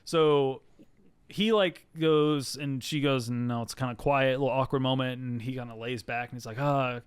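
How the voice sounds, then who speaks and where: Smooth-voiced man, rambling recap. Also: mid-range voice, fairly even intonation, normal speed, no room sound. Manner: rambling, filler-heavy storytelling that acts out the characters' lines. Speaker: podcast co-host recapping a TV episode. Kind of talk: casual chat.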